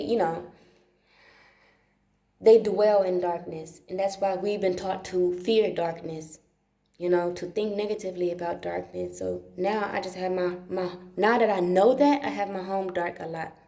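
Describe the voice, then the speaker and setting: A woman sits in a dark room at home and talks in a loose, rambling monologue, swearing freely and circling back over her words for emphasis. Her voice sits in an ordinary middle range. The room gives her voice a clear echo. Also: medium pitch. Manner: profane, repetitive, emphatic. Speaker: livestream host.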